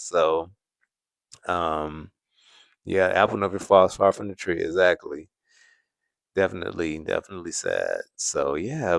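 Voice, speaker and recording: A man's voice: on the low side, gravelly, no room sound, clean studio sound. A man hosting a live stream, chatting casually with viewers, laughing often as he answers the chat. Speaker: livestream host.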